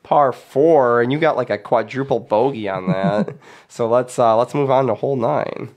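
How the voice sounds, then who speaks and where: A man's voice: mid-range voice, moderate pace, a little mellow. A man hosting a podcast in casual chat, telling rambling stories, laughing often and swearing freely. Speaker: podcast host.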